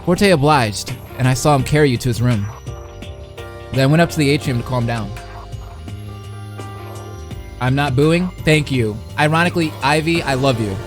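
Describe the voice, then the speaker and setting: A man's voice: medium pitch, normal speed, pauses often, soft background music. Young man reading a visual novel live. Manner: playful, chats with his live chat between read passages. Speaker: streamer and commentator.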